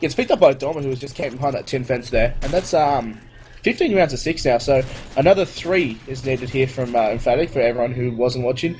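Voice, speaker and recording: A man doing live play-by-play commentary on a competitive shooter match, brisk and light-hearted, amused by blunders. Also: mid-range voice, darkish tone, a little hiss or hum, poor audio. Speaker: esports shoutcaster.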